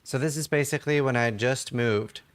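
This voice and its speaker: A man's voice: medium pitch, brisk. A Norwegian man, a streamer, rambling through a casual anecdote with lots of filler words while gaming at a desk mic. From Norway.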